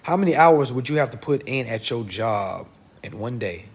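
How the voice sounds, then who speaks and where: A man giving a casual livestream lesson, blunt and profane, talking fast and addressing his viewers directly. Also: medium pitch, lively intonation, slightly rough. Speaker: online instructor.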